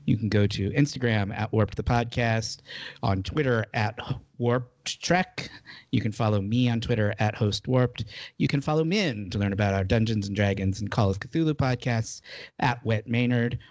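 A man hosting a podcast, chatting casually and briskly rattling off the closing plugs. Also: lowish voice, a little mellow, dry recording. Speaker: podcast host. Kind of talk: casual chat and podcast outro.

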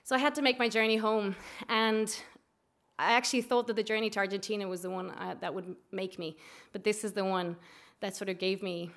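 A woman's voice: mid-range voice, steady tone, brisk, creaky, a bit bright. A young Irish woman tells a true story from her own life at an open mic night. She talks in a loose, chatty way, leaning on "like" and "you know". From Ireland. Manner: conversational, lots of "like" and "you know". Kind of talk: live personal storytelling.

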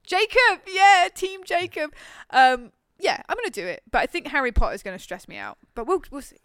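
Woman podcast host, smooth higher voice, chatty and jokey, dry sound. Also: huge pitch swings, quick pace, a bit bright, no echo. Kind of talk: casual chat.

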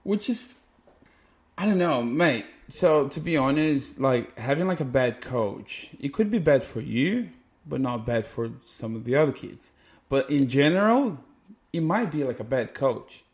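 A man from Brazil with a Brazilian Portuguese accent, speaking English as a second language in a casual podcast chat, animated and acting out quotes with loud bursts. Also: medium pitch, unhurried. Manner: animated, acts out quotes with sudden loud outbursts. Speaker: podcast co-host.

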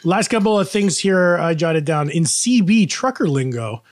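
A man's voice: a little high, lively intonation, moderate pace. A man co-hosting a casual podcast, telling anecdotes in a chatty way and laughing often. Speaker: podcast co-host. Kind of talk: casual chat.

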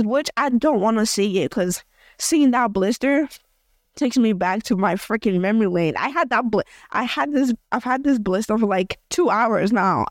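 A young woman from Africa talks through her day in a casual podcast rant, rambling and full of fillers and restarts. Her voice sits at an ordinary middle pitch for a woman. The recording is dry and close, with no room sound. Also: no echo. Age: young adult. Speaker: podcast host. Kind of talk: casual audio journal rant.

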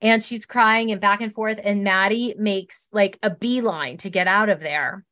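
A woman co-hosting a podcast, chatting casually and telling the story in an animated way. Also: measured pace. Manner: animated storytelling, mimics others in high voices. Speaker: podcast co-host recapping a reality show. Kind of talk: casual chat.

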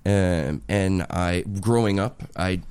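A man's voice: deep voice, slow, clean tone. A man in his twenties in casual chat, telling stories with lots of swearing and jokes. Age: 20s. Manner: animated, swearing, joking storyteller.

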